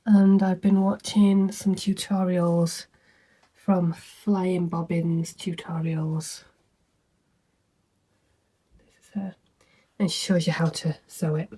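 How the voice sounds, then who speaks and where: A woman talks in a slow, mellow, slightly husky voice, rambling and full of fillers. She sounds tired and casual, chatting to the camera from her home. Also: lowish voice, level tone. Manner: chatty, rambling, soft-spoken with frequent fillers. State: tired, yawning. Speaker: vlogger. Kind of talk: casual vlog chat.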